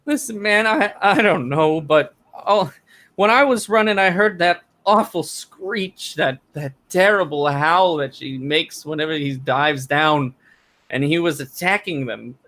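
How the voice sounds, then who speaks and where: A man's voice: on the high side, unhurried, bright, forceful tone, voice pushed up. A man voicing a frightened, shaken male survivor who stammers and repeats words, trembling near tears.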